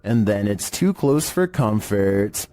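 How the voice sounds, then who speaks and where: A man in a monotone, measured delivery, giving scripted narration as a horror countdown narrator. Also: lowish voice, background noise.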